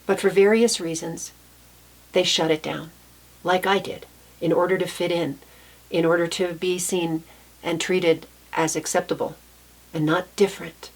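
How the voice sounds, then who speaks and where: A woman with a fairly low voice tells a story from her own childhood. She speaks softly and thoughtfully, pausing to correct herself now and then. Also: fairly even intonation. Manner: soft-spoken, reflective, with small restarts. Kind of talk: personal storytelling.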